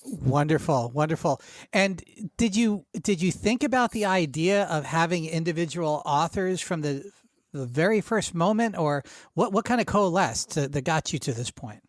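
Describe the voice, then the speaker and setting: A man's voice: on the high side, expressive, moderate pace, dry recording, studio quality. A man co-hosting a casual podcast, eager and jumping in with questions. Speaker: podcast co-host.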